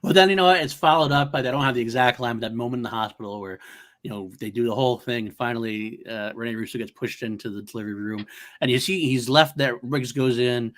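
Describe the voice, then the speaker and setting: A man co-hosting a casual movie debate show, laughing often and acting out lines in a high voice. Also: fast, a bit bright. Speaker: podcast co-host.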